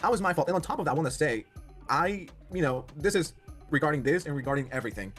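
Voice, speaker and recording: A man arguing defensively in a casual talk, halting and restarting. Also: a little high, animated, a bit bright, faint music behind. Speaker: guest in argument. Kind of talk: casual argument.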